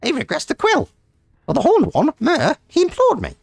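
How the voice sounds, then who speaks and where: A man voicing a cursed male wanderer from a game, with a strained, high put-on voice and a wobbly made-up accent. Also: huge pitch swings, a little fast, gravelly, dry recording, clean studio sound, full character voice. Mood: earnest.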